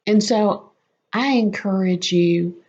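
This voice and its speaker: A woman telling a lively, self-mocking personal faith story as a testimony. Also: medium pitch. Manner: animated, quick and self-mocking. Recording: slightly muffled lo-fi audio.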